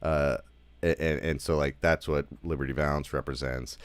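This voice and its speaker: A man's voice: extremely low pitch, fairly even intonation, normal speed, clear, resonant tone, dry recording. A man giving a casual spoken film review, rambling with lots of fillers like "like" and "you know", and swearing now and then.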